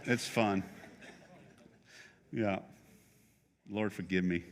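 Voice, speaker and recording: A man's voice: fairly low pitch, extremely slow, in a large hall, slight background noise. A middle-aged male pastor preaching a sermon in a conversational, joking way, teasing his congregation.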